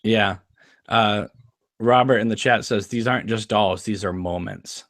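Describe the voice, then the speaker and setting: A man's voice: lowish voice, measured pace, fairly bright tone, dry recording. Dry-sounding enthusiastic male host. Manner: enthusiastic, laughs often, repeats words. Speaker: podcast host. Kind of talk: casual live-stream chat.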